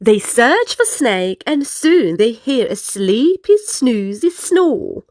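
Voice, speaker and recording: A woman reading picture books aloud to children in an animated, sing-song way. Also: on the high side, slow, no room sound, studio quality. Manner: animated, sing-song, playful sound effects. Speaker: storyteller. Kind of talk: picture-book read-aloud for kids.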